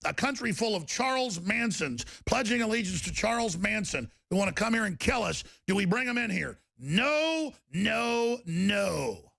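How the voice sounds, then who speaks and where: Gravelly, fired-up ranting male talk host. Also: high-pitched, lively intonation, fairly quick, hardly any pauses, fairly bright tone, no echo, clean studio sound. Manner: angry, ranting, repetitive. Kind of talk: political talk show rant.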